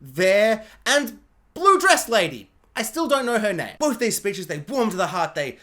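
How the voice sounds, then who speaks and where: A show reviewer in a casual rant, sarcastic and animated, often slipping into mock quotes. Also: mid-range voice, a little slow.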